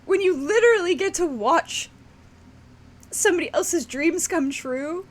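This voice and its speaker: A woman's voice: extremely high pitch, expressive, unhurried. A young woman talking casually to her viewers, teary and laughing, rambling with many restarts. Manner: teary, fighting back tears, laughing often. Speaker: streamer. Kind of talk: casual emotional chat to viewers.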